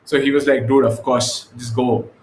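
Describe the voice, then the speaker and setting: A man's voice: mid-range voice, normal speed. Man, interview guest, casual storytelling, lots of fillers, echoey room. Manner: relaxed, many fillers and restarts. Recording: echoey room with faint noise.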